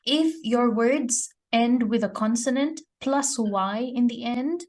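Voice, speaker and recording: Woman, English teacher, slow deliberate pace, patient, explains step by step, checks in often. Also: a little high, darkish tone. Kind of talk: online grammar lesson.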